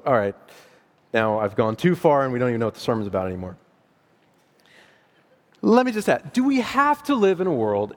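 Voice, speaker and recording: A middle-aged man preaching a sermon in a conversational, animated way, laughing at his own asides. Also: medium pitch. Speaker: pastor. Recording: long hall reverb.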